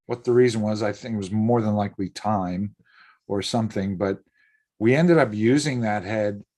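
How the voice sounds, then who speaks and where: A man's voice: fairly low pitch, normal speed, a little mellow. A man, an effects artist, chatting casually and rambling through a behind-the-scenes story with restarts. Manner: rambling, self-correcting storyteller. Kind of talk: casual chat.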